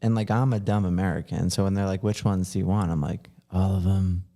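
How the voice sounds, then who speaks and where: A man's voice: low voice, fairly even intonation, fairly quick, mellow. A man hosting a podcast, telling a long story in a casual, rambling way with lots of fillers and swearing. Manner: rambling, swears freely, many filler likes. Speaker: podcast host.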